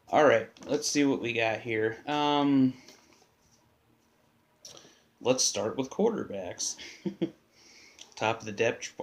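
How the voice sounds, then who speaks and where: A man's voice: mid-range voice, a little hiss or hum. Rambling, blunt man hosting a home podcast. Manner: rambling, blunt, swears, talks to himself while fixing his setup. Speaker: podcast host. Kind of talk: casual solo sports podcast. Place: home basement.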